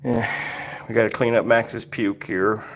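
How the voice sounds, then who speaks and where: A man's voice: fairly low pitch, steady tone, a little slow, a bit bright, slight background noise. A man hosting a casual livestream, explaining things in a rambling way full of fillers and restarts. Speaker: cat channel host.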